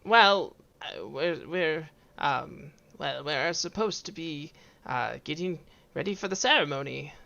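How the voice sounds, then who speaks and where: A man's voice: on the high side, animated, a little slow, gravelly, bright, forceful tone, lo-fi sound, heavily acted. A man doing a pompous boastful rival fighter. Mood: smug. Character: pompous self-important male rival fighter.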